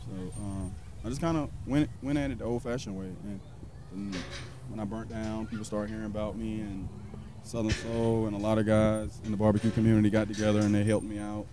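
A man's voice: on the low side, background noise. A man from South Carolina, a pitmaster, telling his story in a casual interview, rambling with many fillers. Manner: rambling, many fillers, acts out quoted people. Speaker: pitmaster and restaurant owner.

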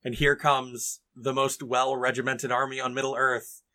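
Man, podcast co-host, casual chat, enthusiastic, bright tone. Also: medium pitch, level tone, measured pace. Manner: enthusiastic, reads passages aloud dramatically. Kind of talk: casual chat and book reading.

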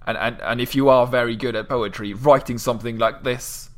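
Male co-host, hesitant starts, steady reasoning, casual talk. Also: mid-range voice, fairly quick. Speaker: podcast co-host discussing poetry. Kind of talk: casual literary discussion.

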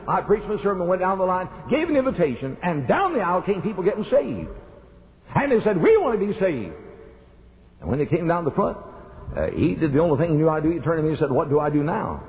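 A man's voice: on the high side, slight background noise. An older man preaching a sermon, telling a personal story with emphatic rises in his voice. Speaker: pastor. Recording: tinny phone-like sound in a reverberant hall.

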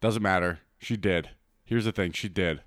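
A man with a low voice gives blunt, teasing dating advice on a casual podcast. The sound is dry and close, with no room around it. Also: normal speed, fairly bright tone, no echo. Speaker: podcast co-host. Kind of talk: casual chat.

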